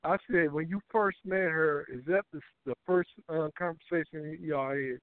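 A man's voice: fairly high pitch, steady tone, moderate pace, no echo. A man co-hosting a casual talk show, teasing and interrupting to press his questions. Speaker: co-host. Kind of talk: casual call-in show banter. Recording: tinny phone-like line, dry.

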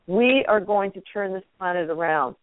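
Recorded dry through a tinny phone line, a woman with a mid-range voice talks at normal speed. She's guest-hosting an inspirational radio chat by phone, effusive and uplifting in a spiritual vein.

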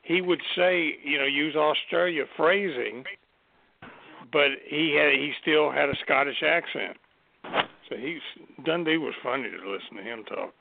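A man's voice: a little high, a little slow, vocal fry. A man co-hosting a casual chat show, rambling with frequent restarts and easy laughs. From Southern United States. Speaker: co-host. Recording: tinny phone line.

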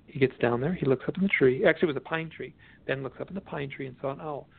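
A man, an author and guest expert, telling a story in an animated, rambling way with many restarts. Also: medium pitch, racing, gravelly, husky. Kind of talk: storytelling interview chat. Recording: tinny phone line.

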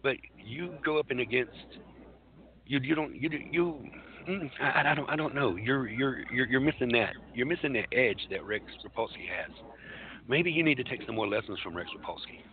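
A man's voice: medium pitch, expressive, moderate pace. A man doing in-character wrestling trash talk, stammering and taunting a rival. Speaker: wrestling show personality. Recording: tinny phone-like line, faint hiss.

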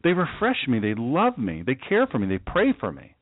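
A man's voice: mid-range voice, huge pitch swings, moderate pace, no room sound. A man giving a casual, folksy Bible teaching as pastor, with joking asides. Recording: dry, tinny phone-like sound.

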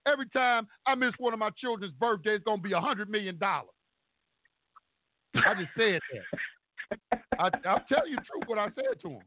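A man telling a story in a casual, animated and profane way, acting out the people he talks about. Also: sits high, normal speed, no room sound. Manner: animated, profane, acts out courtroom exchanges. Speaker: storyteller recounting court experience. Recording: dry tinny phone-like sound.

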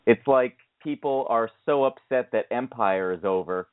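A radio co-host rambles through casual podcast chat at a moderate pace, restarting often and climbing to a high, exasperated pitch. He's on an iPhone earbud headset mic, so the sound is tinny, dry and phone-like.

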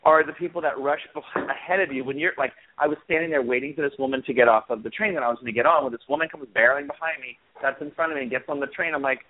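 A man's voice: medium pitch, steady tone, very fast, few pauses, a little hiss or hum. A man co-hosting a podcast, chatting casually and rambling through anecdotes. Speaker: podcast co-host. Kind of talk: casual chat. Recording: phone-like narrow band.

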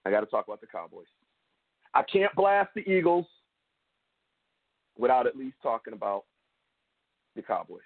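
A man's voice: medium pitch, sing-song, normal speed, pauses often, no echo. A man hosting a sports talk show, ranting and mocking rival fans in an opinionated way. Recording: tinny phone-like audio, dry.

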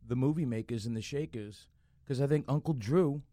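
A middle-aged man, a guest actor chatting in a podcast interview, telling animated stories with frequent restarts and fillers. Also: mid-range voice, a little fast, no room sound, studio quality. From Boston area.

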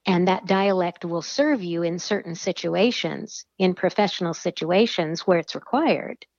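A woman with a General American accent, speaking as a voice coach in a casual interview, measured and thoughtful. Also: lowish voice, darkish tone, no echo, highs cut off. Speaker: podcast guest, voice coach.

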